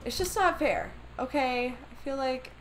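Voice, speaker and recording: A woman's voice: high voice, unhurried, a little hiss or hum, low-quality recording. A woman doing let's play commentary on a story game, swearing a lot and ranting in exasperation. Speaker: gamer playing a story game.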